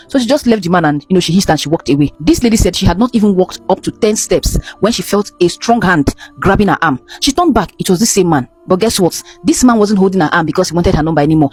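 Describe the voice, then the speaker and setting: A Nigerian woman telling a story in a chatty, animated way as a show host. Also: fairly low pitch, fast, few pauses, slightly rough, soft background music. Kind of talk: casual storytelling.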